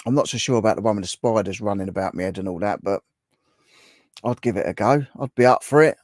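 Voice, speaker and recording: A male livestream host keeps up loose, friendly chat, reading viewer comments aloud and laughing frequently. His voice is on the low side and quick, captured on a dry, close mic.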